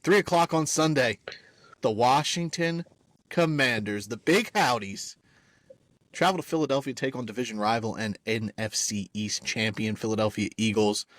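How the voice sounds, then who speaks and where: A man's voice: medium pitch, normal speed, fairly bright tone, no room sound. Laid-back young man, dry close mic. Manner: laid-back, rambling, lots of filler words. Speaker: podcast co-host. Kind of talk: casual sports chat.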